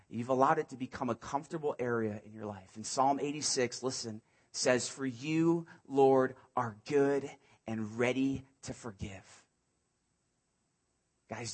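Male pastor, 30s, slightly high husky voice, earnest sermon delivery that drops to a hush and speeds up in stories. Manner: earnest, swings from hushed pleading to quick animated storytelling.

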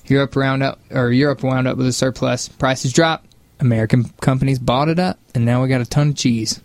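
A man co-hosting a morning radio show, reading quirky news items with a wry, deadpan delivery. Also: medium pitch, a little fast, no echo. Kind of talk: casual morning radio banter.

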